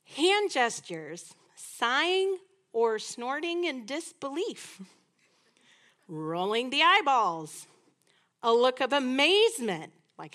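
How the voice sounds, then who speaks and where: Speaking slowly in a high-pitched voice, a middle-aged woman teaches a Bible study for women. She keeps it chatty and energetic, performing brief quoted back-and-forths as she goes.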